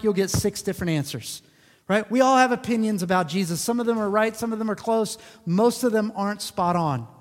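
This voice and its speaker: A male pastor preaching a sermon in an earnest way, repeating phrases for emphasis. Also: high-pitched. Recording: long hall reverb.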